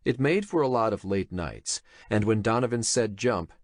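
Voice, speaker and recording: A man narrating an audiobook in a dramatic, expressive reading style. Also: lowish voice, normal speed, no room sound, clean studio sound. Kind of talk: scripted narration.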